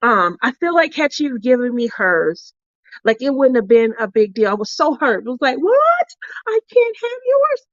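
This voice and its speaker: A woman with a high voice tells a story casually to her craft channel viewers, acting out each line of dialogue with sudden jumps in pitch. She laughs often and sounds animated throughout. The recording is close and dry, with slightly muffled, lo-fi sound. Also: normal speed, dry recording.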